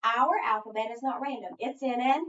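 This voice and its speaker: A woman's voice: on the high side, steady tone, fairly quick, fairly bright tone. A middle-aged woman teaching phonics to a child, asking patient prompting questions. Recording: echoey, distant, dull recording.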